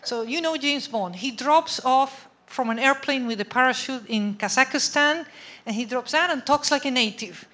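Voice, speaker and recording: In a lecture room, a woman with a high, bright voice speaks at a normal speed with a forceful tone. She delivers an academic lecture conversationally, frequently checking that her audience follows with "okay?" and "right?"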